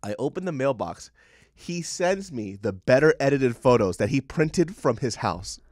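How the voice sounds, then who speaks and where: A man in his thirties, a podcast co-host, telling a story in casual chat, swearing often and loudly acting out the quotes. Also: mid-range voice, moderate pace, no room sound, studio quality. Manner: animated, profane, acts out quotes loudly.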